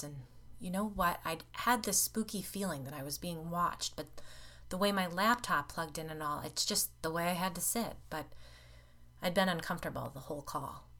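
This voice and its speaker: A woman's voice: deep voice, a bit bright. A woman voicing a shaken, bitter middle-aged man in a storybook reading, with blunt, grim delivery.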